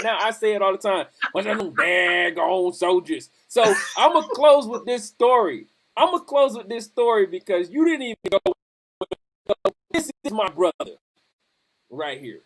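A man hosting a podcast, telling a lively military story in casual chat and laughing often. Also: high-pitched. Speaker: podcast host.

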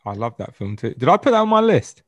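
A man's voice: mid-range voice, big pitch swings, fast talker, lo-fi sound. A man chatting casually about films with friends on a podcast, laid-back and swearing freely. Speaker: podcast co-host. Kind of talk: casual film chat.

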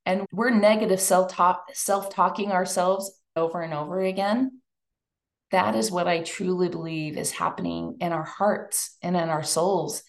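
A woman giving a chatty, emotional talk to a live audience. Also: lowish voice. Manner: chatty and emotional, lively asides. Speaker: speaker at a women's event.

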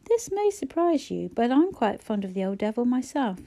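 A woman laid up with flu who jokes at her own expense, dry and wry, read by a woman narrator. Her voice is mellow and warm, the delivery plain and conversational. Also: a little high, sing-song, moderate pace. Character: woman, ill with flu, wry and self-mocking.

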